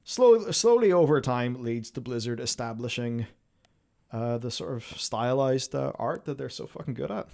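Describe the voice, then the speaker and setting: A man of medium pitch co-hosting a casual live stream. He explains things in long stretches and turns sarcastic, often laughing at his own jokes. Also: animated, moderate pace, vocal fry, a little mellow. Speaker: co-host.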